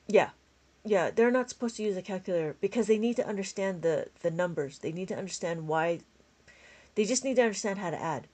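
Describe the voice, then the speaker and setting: Brief: tired woman tutor on a live stream, chatty, laughs easily, counts out steps, mid-pitched voice. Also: dark tone. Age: adult with a school-age child. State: tired, yawning. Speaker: abacus teacher. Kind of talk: live-stream math lesson, chatting with viewers.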